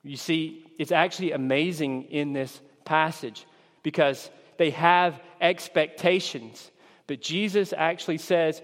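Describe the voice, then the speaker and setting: A man preaching a sermon in an earnest, measured way, stressing key words and acting out the disciples' words in a raised, excited voice. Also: fairly high pitch. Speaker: pastor. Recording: long hall reverb.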